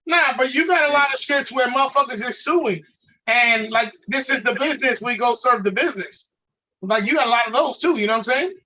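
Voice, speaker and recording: A man telling a profane, animated story in a casual podcast chat, acting out the dialogue. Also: very high-pitched, brisk, low-quality recording.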